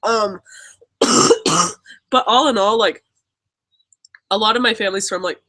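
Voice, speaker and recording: A woman's voice: medium pitch, slow, background noise. A young woman from Maryland chatting casually with a friend, rambling and filling her talk with "like". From Maryland, USA. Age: young adult. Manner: chatty, rambling, fills speech with "like", laughs often. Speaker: guest friend. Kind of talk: casual chat. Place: home in Pennsylvania.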